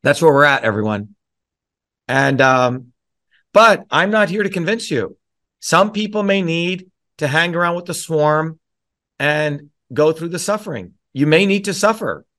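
A middle-aged man lectures a town hall crowd in a fairly high voice. He is blunt and preachy, and he keeps pressing his listeners with "okay?" and "right?". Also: animated, unhurried, fairly bright tone. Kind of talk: lecture to a live audience.

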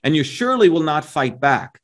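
A man's voice: fairly high pitch, big pitch swings, normal speed, a little hiss or hum. A man speaking as an interview guest, emphatic and combative, pushing his points and often tagging them with a questioning "right?". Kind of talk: opinionated interview talk.

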